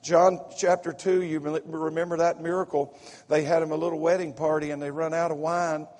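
Man, pastor, slight Southern accent, fervent folksy sermon, higher voice, long church-hall reverb. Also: brisk. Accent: Southern US, slipping in from home visit. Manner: excitable, folksy preaching with repetitions and asides. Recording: echoey sanctuary reverb.

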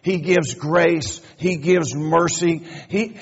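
A man's voice: a little high, slow, few pauses, slightly rough. An older man preaching a sermon in a church, folksy with joking asides and growing fervor. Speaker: pastor. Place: church sanctuary. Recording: echoey church hall, dull lo-fi sound.

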